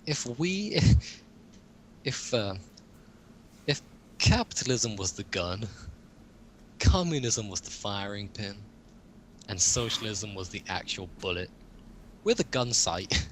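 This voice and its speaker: A young man hosts a loose, joking chat. His voice is on the low side, and a faint hiss runs under the recording. He rambles from point to point and laughs at his own jokes. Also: animated, takes it slowly, long pauses. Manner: rambling, jokey, laughs often. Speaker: podcast host. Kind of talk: casual chat.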